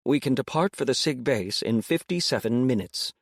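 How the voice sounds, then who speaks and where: A dutiful ship computer, as read by a man, flat and deadpan with a faint edge of urgency. He sounds dry and close to the microphone, in a mid-pitched voice. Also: moderate pace, no echo. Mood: urgent. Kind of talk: audiobook character voice.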